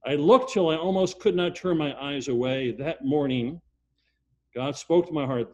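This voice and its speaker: An older man preaching a sermon and telling a story, with emphatic repetition, swinging from loud passages to hushed ones. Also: on the high side, moderate pace.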